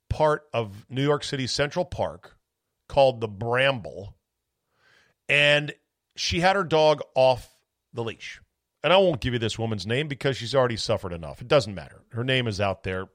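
A man's voice: medium pitch, a bit bright, dry recording, studio quality. A man hosting a solo sports talk podcast, ranting bluntly with profanity and sarcasm.

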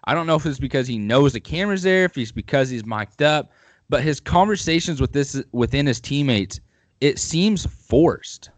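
A man's voice: mid-range voice, expressive, moderate pace, no echo. A man hosting a podcast, chatting casually and at length about football with opinionated rambling. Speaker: podcast host.

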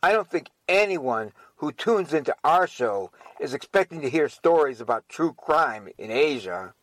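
A man co-hosting a podcast, acting in a short comic skit with a lively, reassuring manner. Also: a little high, normal speed, no room sound, low-quality recording. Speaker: podcast co-host.

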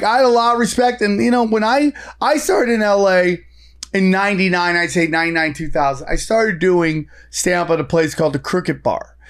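A man in his forties, a comedian, telling stories in an animated casual chat and swearing often. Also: a little high, smooth. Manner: animated storytelling, frequent swearing. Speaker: guest comedian.

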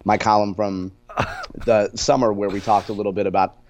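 A man's voice: on the low side, flat delivery, a little fast, darkish tone, slight background noise. A middle-aged man co-hosting a radio talk show, wry and sarcastic in casual banter. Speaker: radio co-host and columnist.

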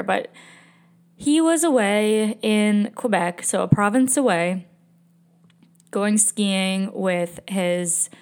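Woman podcast host, candid confessional storyteller, emotional, blunt, middle pitch. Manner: emotional, candid, swearing, sighing. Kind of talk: personal storytelling.

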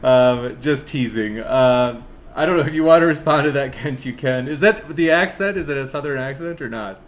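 A man moderating a live stream debate, reading questions in a friendly, hurried way, with some faint noise behind. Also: medium pitch, highs cut off.

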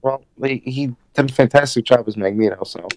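A man's voice: mid-range voice, fairly quick, a little mellow, a little hiss or hum. A man co-hosting a casual chat, laid-back and rambling. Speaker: podcast co-host.

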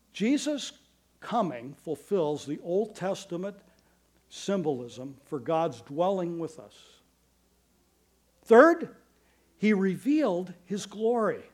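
A man preaching a sermon as pastor, earnest and emphatic, with quick asides and slow stressed phrases. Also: high-pitched, sing-song, a little mellow.

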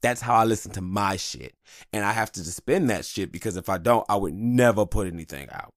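A man's voice: lowish voice, brisk, dry recording, clean studio sound. A man hosting a podcast, talking in a candid, rambling, profane monologue. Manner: candid, rambling, heavy swearing. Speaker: podcast host.

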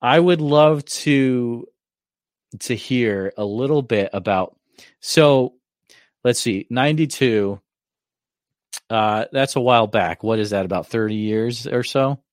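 A man's voice: mid-range voice, slow, pauses often, dry recording, clean studio sound. A man hosting a podcast, reacting with casual enthusiasm and asking his guest questions. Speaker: podcast host. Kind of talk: casual interview chat.

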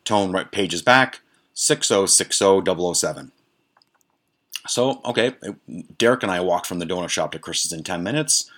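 A middle-aged man with a very low voice tells a long, rambling personal story as a podcast host. He talks casually and swears freely, with restarts and asides. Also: normal speed. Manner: profane, rambling, animated anecdote telling.

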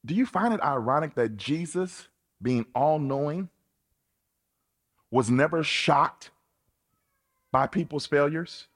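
A preacher with a husky, fairly high voice. He delivers his sermon slowly and deliberately, swinging widely in pitch as he teases and exhorts his listeners in casual, playful talk. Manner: animated, colloquial, playful preaching. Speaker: pastor.

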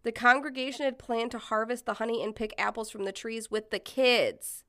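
A woman's voice: on the high side, normal speed, bright, forceful tone. Blunt, profane woman podcast co-host. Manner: blunt, profane, indignant commentary. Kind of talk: casual podcast chat, reading news articles aloud.

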